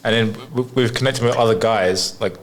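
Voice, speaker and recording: A man's voice: medium pitch, moderate pace, slight background noise. A man hosting a podcast, talking casually and hesitantly with lots of filler words. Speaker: podcast host. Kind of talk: candid conversation.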